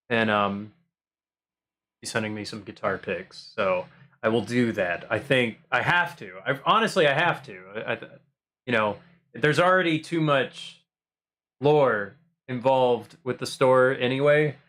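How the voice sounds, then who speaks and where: A man's voice: medium pitch, a bit bright. A man hosting a livestream, chatting casually and playfully with his viewers, rambling with frequent ums and repeated phrases. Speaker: livestream host. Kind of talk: casual chat with live viewers.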